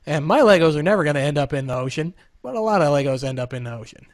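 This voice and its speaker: A man's voice: fairly high pitch, lively intonation, rapid-fire, dry recording. A man in his thirties hosting a casual show over a video call, joking and rambling. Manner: joking, rambling, self-deprecating. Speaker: podcast host.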